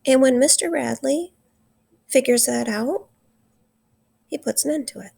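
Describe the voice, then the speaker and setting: A woman teacher giving a recorded literature lesson, earnest and slowing down to stress key points. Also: sits high, gravelly, a little mellow, husky. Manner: earnest, slows down for emphasis.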